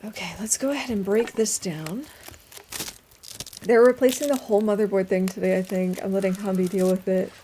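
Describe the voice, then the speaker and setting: A young adult woman streamer chatting casually while playing a game, reading chat aloud and dropping quiet asides. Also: mid-range voice, steady tone, fairly quick, slight background noise. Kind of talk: casual gameplay commentary.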